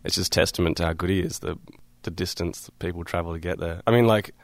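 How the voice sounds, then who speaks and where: An Australian musician from Perth talking loosely in a radio studio interview, with lots of fillers and easy laughter. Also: male voice, deep voice, fast talker, vocal fry, no echo. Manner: laid-back, rambling, many fillers and laughs. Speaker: guest musician.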